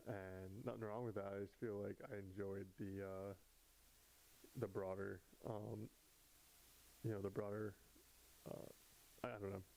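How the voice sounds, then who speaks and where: Gravelly-voiced man chatting casually. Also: on the low side, flat delivery, a little slow, long pauses, mellow, a little hiss or hum, poor audio. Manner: rambling, with many fillers and restarts. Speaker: vlog host. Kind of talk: casual solo chat. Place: at home.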